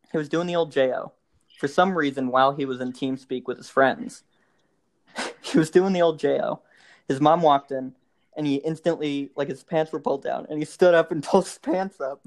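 A man's voice: fairly high pitch, darkish tone. A young man in casual chat, telling a rambling story with many restarts and frequent laughs.

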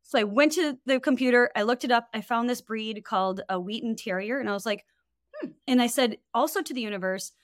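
A woman, a wellness coach, telling a story in casual podcast chat, animated and full of fillers. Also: on the high side, fairly quick, no room sound, clean studio sound. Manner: animated, lots of fillers and quoted voices.

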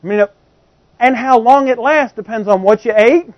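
A man with a notably high voice delivers a teaching sermon, talking to his congregation like a conversation and checking in with them often. The recording sounds dry and close, with a slightly dull, muffled top end. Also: moderate pace, no room sound. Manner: explains by everyday examples. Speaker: preacher.

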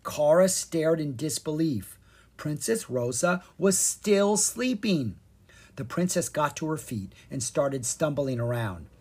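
A narrator reading a children's fairy-tale chapter book with expressive, animated storytelling. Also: medium pitch, slow, husky. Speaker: audiobook narrator.

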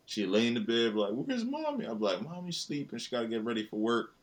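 Slangy laid-back young dad, low voice. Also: male voice, expressive, quick pace. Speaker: father. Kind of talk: casual chat.

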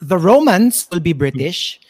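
A woman's voice: fairly low pitch, a little slow, husky, dry recording, clean studio sound. A woman in casual podcast chat, switching between English and Tagalog and acting out quoted lines as she tells a story. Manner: animated storyteller, acts out quoted voices. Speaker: podcast co-host.

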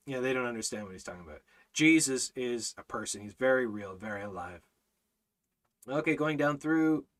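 A man teaching a Bible study and preaching urgently, in a lively, animated way. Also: medium pitch, normal speed. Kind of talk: evangelistic preaching and live-stream Bible study.

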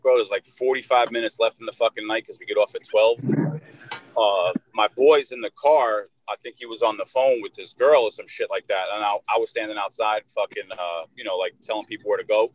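A young man co-hosting a casual podcast, telling a long story full of swearing and filler words, and loudly acting out the shouted lines of the people in it. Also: mid-range voice, steady tone, normal speed, rough recording. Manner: profane, rambling, with heavy fillers; acts out shouted quotes in a raised voice. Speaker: podcast co-host.

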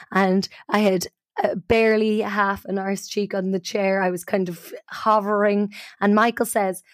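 A woman podcast co-host telling a funny personal story in an animated, self-mocking way. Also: mid-range voice, normal speed, no echo, studio quality. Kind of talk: casual storytelling.

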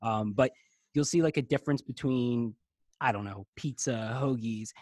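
Male podcast co-host from South Jersey, middle pitch, lively storyteller, dead-dry recording. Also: normal speed, no echo. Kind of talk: casual chat.

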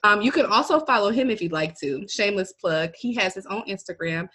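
A woman from Milwaukee, Wisconsin, co-hosting a podcast in casual chat, telling stories with animated quoted voices. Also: medium pitch, brisk. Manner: lively storyteller, animated quotes. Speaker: podcast co-host. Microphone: phone or remote line.

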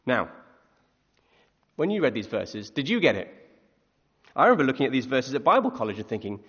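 A man preaching a conversational sermon, animated, often asking his listeners questions. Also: medium pitch, fairly quick, long pauses, slightly rough. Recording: echoey hall, dull lo-fi sound.

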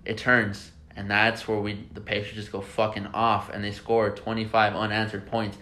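A young man hosts a casual podcast chat. His voice sits a little low. He tells stories excitedly and swears freely. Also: normal speed. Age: young adult. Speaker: podcast host.

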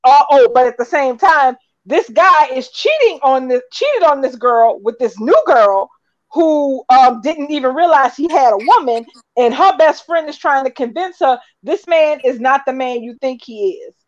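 A woman co-hosting a soap opera chat show, recapping episodes with animated retellings and acted-out quotes. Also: high-pitched, moderate pace. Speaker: soap opera podcast co-host. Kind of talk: casual chat. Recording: dull lo-fi audio.

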